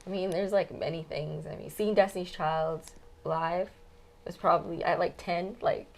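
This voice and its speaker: A woman's voice: on the low side, fairly even intonation, normal speed, rough recording. A woman guest musician in casual chat, telling stories with lots of fillers in a studio lounge. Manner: chatty storyteller, many fillers like "like" and "um".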